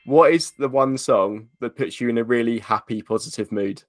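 A man's voice: medium pitch, normal speed, no room sound. Eager man hosting a podcast, dry sound. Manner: eager, stumbling restarts. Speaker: podcast host. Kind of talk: casual interview chat.

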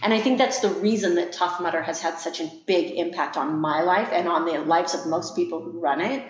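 A woman's voice: lowish voice, a little fast. A woman co-hosting a podcast in reflective, casual chat, laughing often. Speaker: podcast co-host. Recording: echoey room, dull lo-fi sound.

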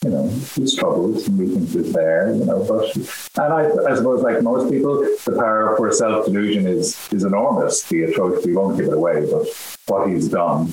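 A middle-aged Irish man, an actor being interviewed, talking in a halting way with many restarts. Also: low voice, a little mellow. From Ireland. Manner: halting, full of restarts and fillers. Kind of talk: casual interview chat. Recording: roomy echo with faint hiss.

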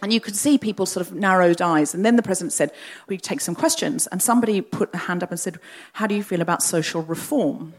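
A middle-aged woman, a podcast host, tells a comic personal story on stage before a live audience, lively and acting out the people in it. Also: on the low side, fast talker, hardly any pauses. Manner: lively, animated, acts out the other voices in her story.

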